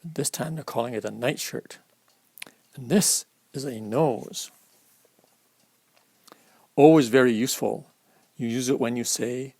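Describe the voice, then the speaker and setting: A man's voice: mid-range voice, slow, pauses often, a little mellow, slightly rough, dry recording. A man reading a children's alphabet picture book aloud at storytime, stopping to explain the pictures to young listeners. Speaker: storytime reader.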